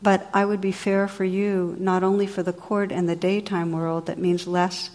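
A woman voicing a gentle, wise enchanted lady in a read-aloud legend, speaking slowly and sweetly. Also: medium pitch, flat delivery, long reverb tail, close to an everyday voice. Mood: earnest.

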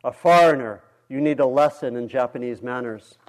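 A man voicing an enraged, drunken big male laborer who shouts belligerently. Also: mid-range voice, fairly even intonation, brisk, natural voice. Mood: roaring. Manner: roaring, belligerent, later broken.

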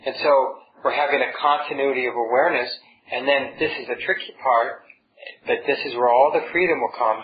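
A man giving a dharma talk as a meditation teacher, calm and reflective, speaking in gentle repeated phrases. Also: medium pitch, a little fast, dull audio. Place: meditation hall with a group.

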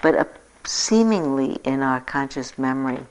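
A woman in her sixties giving a reflective dharma talk as a meditation teacher, telling a personal story with gentle self-mocking humor. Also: very deep voice, lively intonation, moderate pace, clean tone, low-quality recording. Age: 60s.

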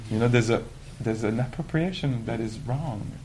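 A man giving a conversational dharma talk as a meditation teacher, animated and full of "you know" fillers. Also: medium pitch, moderate pace, a little hiss or hum, rough recording. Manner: animated, acts out quoted inner voices.

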